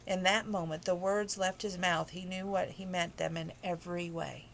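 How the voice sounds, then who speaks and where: A woman's voice: on the low side, steady tone, normal speed, gravelly, a bit bright, slight background noise, poor audio. A woman reading a romance novel aloud informally, emotional and adding personal asides. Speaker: audiobook reader.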